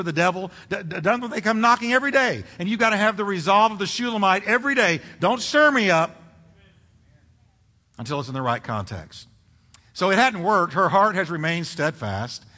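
Preacher, male, fairly high forceful voice; dramatic sermon delivery with rising peaks, long church reverb. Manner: dramatic, builds to loud emphatic peaks, asks the congregation questions.

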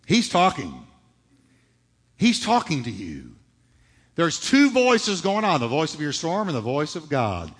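Animated preacher in a big echoing hall. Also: male voice, a little high, a little slow, long pauses, slightly rough. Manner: emphatic preaching with rhetorical questions. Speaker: pastor. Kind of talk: sermon. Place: church sanctuary. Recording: reverberant hall.

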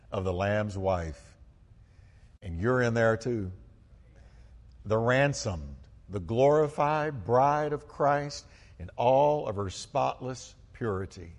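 A man preaching as pastor to his church, fervent, building to loud exclamations and calling the congregation to respond. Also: mid-range voice, takes it slowly, in a large hall. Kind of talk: sermon. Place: church sanctuary.

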